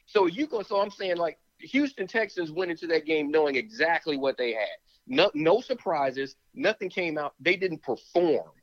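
Emphatic former player, lo-fi sound. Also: male voice, on the high side, animated, moderate pace. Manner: emphatic, repeats words, talks himself out of breath. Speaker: former pro football player, analyst. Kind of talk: sports talk, animated argument.

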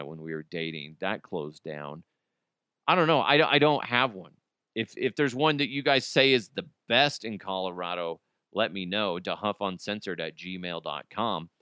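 A man's voice: low-pitched, pushed and bright, clear, resonant tone, dry recording, clean studio sound. A man hosting his own podcast, rambling and joking with plenty of swearing. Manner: rambling, profane, jokey. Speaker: podcast host. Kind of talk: casual solo podcast monologue.

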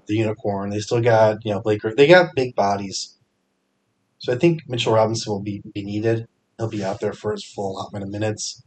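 A man with a fairly low voice runs a casual solo podcast, giving his sports picks. He talks with energy and chatty, loose phrasing, often restarting a thought mid-sentence. His pitch jumps up when he gets excited. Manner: energetic, chatty, with fillers and self-corrections. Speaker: fantasy sports podcast host.

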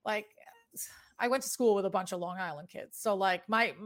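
A chatty woman in her thirties with a Boston accent that drifts toward New York, hosting a sports talk show. Her voice sits at an everyday pitch, and she rambles loosely and swears without a second thought. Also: moderate pace. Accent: Boston with a New York tinge. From New England. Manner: rambling, chatty, casually profane. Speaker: sports betting show host. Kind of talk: casual sports chat.

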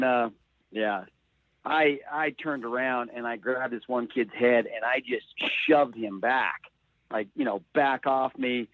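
Halting man telling a story on a thin line. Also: medium pitch, no echo, phone-quality sound. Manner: halting, restarts often, laughs between lines. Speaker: former sports mascot performer. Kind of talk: storytelling in a panel chat.

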